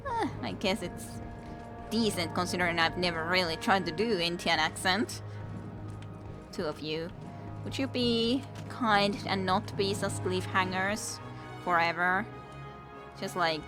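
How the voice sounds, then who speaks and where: A woman's voice: lowish voice, measured pace, pauses often. A young woman, chatting and giggling as she streams a game and talks to the enemies she fights. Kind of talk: casual let's-play commentary. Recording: game music playing under the voice. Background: video game music.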